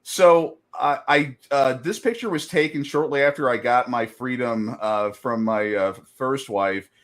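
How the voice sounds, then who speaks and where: A man's voice: medium pitch, a little slow. A middle-aged man chatting casually as a guest, rambling with lots of fillers and laughing at himself often. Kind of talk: casual chat.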